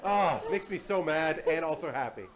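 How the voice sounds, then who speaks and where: A man with a somewhat high voice hosts a live convention panel. He talks in a chatty, playful way and pokes fun at himself. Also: lively intonation, moderate pace, noisy background. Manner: chatty, playful, self-deprecating. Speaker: panel host. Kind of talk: casual live panel hosting. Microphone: handheld or table mic.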